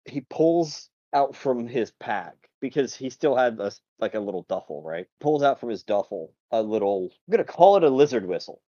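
A man's voice: medium pitch, very animated, moderate pace, hardly any pauses, mellow, no room sound, highs cut off. A man narrating as game master in a laid-back way, chuckling as he describes scenes.

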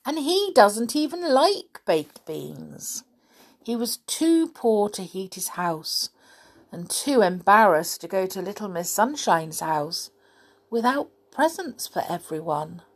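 A woman reading a children's picture book aloud, very slow and unhurried. Her pitch rises and falls with great liveliness as she plays up every line. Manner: animated, expressive, playful. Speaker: storyteller.

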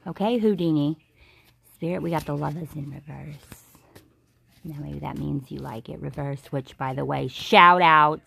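A tipsy woman hosting a comedic tarot reading stream, rambling and swearing in a jokey deadpan way. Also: low-pitched, moderate pace, vocal fry, slightly rough, dry recording. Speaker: host.

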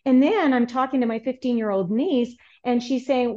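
A middle-aged woman speaking as a therapist guest on a podcast, explaining earnestly and growing animated when telling stories. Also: a little high, brisk, hardly any pauses, highs cut off. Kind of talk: podcast interview.

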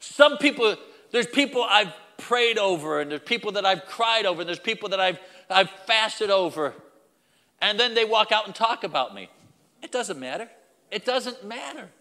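A man's voice: sits high, lively intonation, normal speed, pushed and bright, in a large hall. A man preaching a sermon as pastor, emphatic and repetitive, speaking directly to the congregation.

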